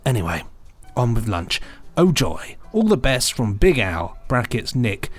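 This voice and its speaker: A man co-hosting a podcast, chatting casually and reading out listener emails in a relaxed, teasing way. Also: mid-range voice, a little slow, faint music behind. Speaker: podcast co-host.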